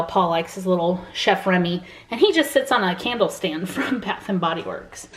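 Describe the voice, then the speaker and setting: A chatty woman talking straight to her viewers in a relaxed, friendly vlog. She speaks at a middling pitch and walks through what she is showing in an easygoing, conversational way. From United States. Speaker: family vlogger. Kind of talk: casual vlog chat to camera.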